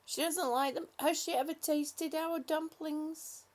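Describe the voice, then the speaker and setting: A woman's voice: high voice, steady tone, measured pace. A woman hosting a casual livestream, chatting affectionately with viewers and calling them honey and sweetie. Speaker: livestream host. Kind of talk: casual livestream chat reading viewer comments.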